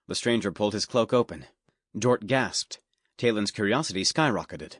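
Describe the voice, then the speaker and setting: Reading a fantasy audiobook script, a man keeps a steady, measured storytelling pace. His voice is on the low side, and the studio-microphone recording has studio quality with no echo.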